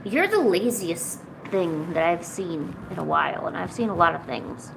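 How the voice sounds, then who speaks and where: A woman's voice: lowish voice, expressive, moderate pace, gravelly, background noise. A woman streaming casually while drawing, chatting playfully to her cats.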